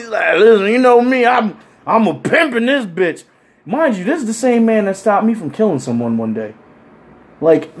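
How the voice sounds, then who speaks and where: A man telling crude stories in casual chat, animated and acting out the people he quotes. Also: high voice. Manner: animated, acts out quoted voices. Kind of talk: casual profane storytelling.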